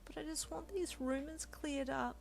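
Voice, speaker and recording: A woman's voice: steady tone, moderate pace, gravelly, a little hiss or hum. A woman voicing an upset young pregnant wife. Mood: tearful. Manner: high, agitated, tearful. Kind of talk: audio fanfiction role-play.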